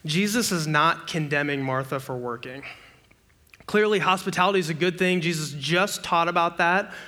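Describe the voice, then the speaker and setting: A young man preaching a sermon to a student ministry, conversational and full of rhetorical questions, acting out everyday scenes with bursts of excitement. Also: on the high side, normal speed.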